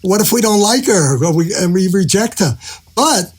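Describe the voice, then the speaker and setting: A man with a slightly higher-than-average voice swaps behind-the-scenes stories in a relaxed podcast conversation. He slips into quoted dialogue as he talks, and his delivery stays easygoing. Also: normal speed, breathy edge. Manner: storytelling, acts out quoted lines. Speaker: executive producer and head writer.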